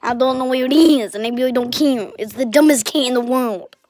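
A woman playing a bratty, self-absorbed young vlogger who talks in a whiny, petulant, deliberately clueless way. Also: high voice, darkish tone, dry recording, natural voice. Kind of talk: comic character vlog.

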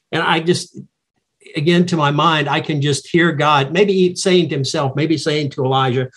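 A man teaching a Bible study in a reflective, explanatory, somewhat halting way. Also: fairly high pitch, fairly even intonation, a bit bright, breathy edge.

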